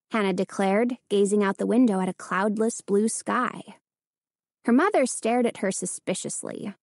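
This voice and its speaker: A woman audiobook narrator reads a children's storybook in an expressive storytelling style, with a medium-pitched voice at a moderate pace. The scripted narration has clean studio sound with no room sound.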